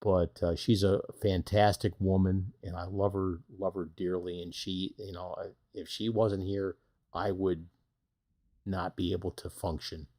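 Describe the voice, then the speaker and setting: A man's voice: low voice, little pitch movement, unhurried, warm tone. A middle-aged man hosting a casual live stream, chatting in a folksy way and reading out viewer questions.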